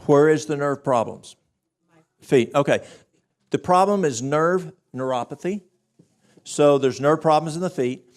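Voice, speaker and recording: A man presenting a church health workshop, telling a story with animated acted-out dialogue. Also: a little high, a little slow, long pauses.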